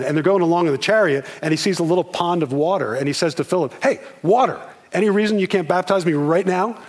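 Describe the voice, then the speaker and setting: A male pastor delivering a sermon, telling the story with animated quoted voices. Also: on the high side, husky.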